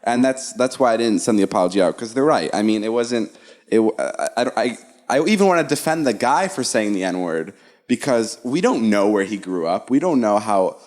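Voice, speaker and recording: A man in his twenties chats earnestly on a podcast, often stumbling and repeating words as he restarts a thought. His voice sits low in pitch. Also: animated, brisk, darkish tone. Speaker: podcast co-host. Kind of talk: casual chat.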